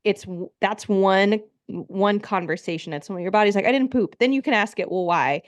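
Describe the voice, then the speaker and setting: A woman's voice: medium pitch, moderate pace, no echo. A woman hosting a health podcast, chatty and reassuring as she talks with a guest. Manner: chatty, reassuring, many fillers. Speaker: podcast host, gut health therapist. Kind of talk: casual interview chat.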